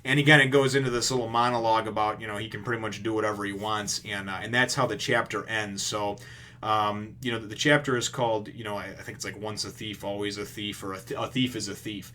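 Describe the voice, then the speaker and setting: A man's voice: on the low side, quick pace, a little hiss or hum. Rambling, profane male comic reviewer. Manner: rambling, profane, animated retelling. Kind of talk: casual comic chapter recap.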